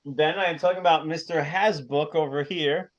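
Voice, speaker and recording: A man's voice: a little high, steady tone, normal speed. Upbeat man co-hosting a podcast. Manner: enthusiastic, laughs often. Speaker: podcast co-host. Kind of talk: casual podcast chat. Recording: dull lo-fi sound.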